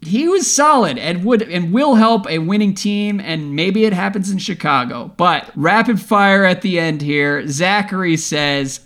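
Brief: male podcast co-host, slightly high voice, rambling self-deprecating sports chat. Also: lively intonation, a little slow, hardly any pauses, fairly bright tone.

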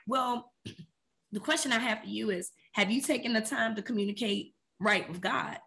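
A woman's voice: on the high side, moderate pace, gravelly, sharp tone. A woman co-hosting a faith podcast, talking about prayer in an earnest, conversational and emphatic way. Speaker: podcast co-host.

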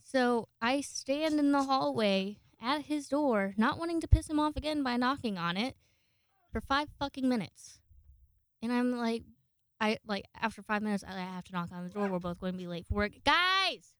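A woman's voice: on the high side, normal speed, dry recording. A woman telling a rambling personal story in casual, profane chat, close to her microphone at home. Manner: chatty, profane, rambling with frequent fillers. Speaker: vlogger. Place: home, indoors.

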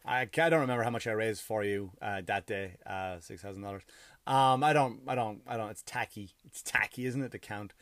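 A man's voice: lowish voice, a little fast, a bit bright, dry recording, clean studio sound. A tired, profane ranting man. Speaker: comedian. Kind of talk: casual storytelling monologue.

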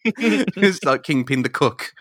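A man co-hosting a podcast in casual comic chat, excitable and quick to laugh and joke. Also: fairly high pitch, dry recording, clean studio sound. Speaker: podcast co-host.

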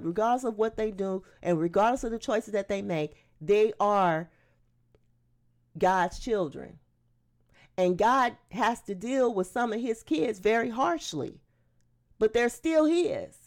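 Woman preacher, gravelly voice, reads a verse then breaks it down, real lively up and down delivery. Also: on the high side. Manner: animated, emphatic preaching that breaks into acted-out quotes; reads scripture aloud, then explains it conversationally. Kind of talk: sermon.

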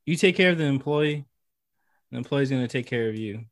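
A man's voice: medium pitch, expressive, fairly quick, dry recording. A man co-hosting a podcast interview, talking in an emphatic, heartfelt way and repeating phrases for emphasis. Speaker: podcast co-host. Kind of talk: casual interview chat.

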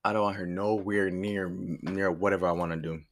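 A man's voice: low-pitched, normal speed. Young man telling a rambling story. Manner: animated, rambling, swears freely, laughs mid-story. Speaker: storyteller vlogger. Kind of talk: casual storytime monologue.

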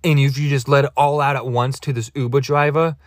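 A podcaster spins a funny, wandering, self-deprecating story at a fairly quick clip. His mid-range voice has fairly even intonation, and the studio sound is clean with no room sound.

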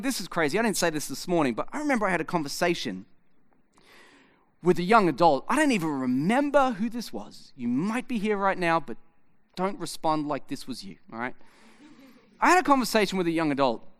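A man's voice: sits high, big pitch swings, brisk, fairly bright tone. A man, preaching a sermon and acting out conversations with his son. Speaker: pastor. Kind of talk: sermon with storytelling.

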